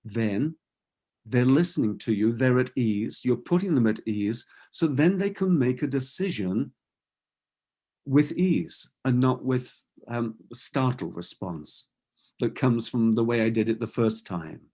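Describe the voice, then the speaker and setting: A man's voice: medium pitch, expressive, measured pace, warm tone. A middle-aged man speaking as a voice coach at an online meeting, explaining with demonstrated phrases and many restarts. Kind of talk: webinar talk.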